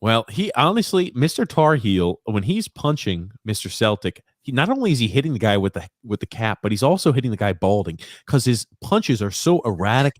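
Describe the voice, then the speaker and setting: A young man co-hosting a casual chat, giving jokey, animated play-by-play of a video clip. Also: brisk, few pauses, dry recording, studio quality. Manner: animated, jokey play-by-play with sudden high yelps. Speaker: podcast co-host.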